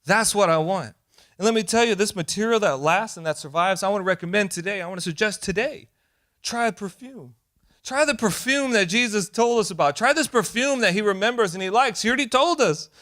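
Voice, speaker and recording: A man pastor preaching a sermon, animated and emphatic, sometimes acting out quoted voices. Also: high-pitched, fairly quick.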